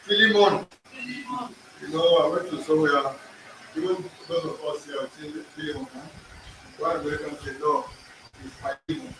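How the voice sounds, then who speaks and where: A man's voice: a little high, normal speed, noisy background. A man teaching an in-person language class, drilling pronunciation, repeating words and quizzing his students. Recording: echoey room, far from the mic.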